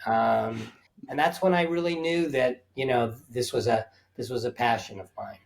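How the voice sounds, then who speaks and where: Male guest, earnest and reflective, middle-pitched voice, explains in numbered points. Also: normal speed, gravelly. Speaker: guest, safari company founder. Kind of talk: conversational interview answers.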